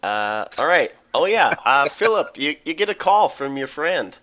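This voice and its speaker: A man's voice: a little high, moderate pace, no room sound. A man acting as game master, chatting casually and laughing often. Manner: laughing, animated. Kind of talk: casual tabletop narration.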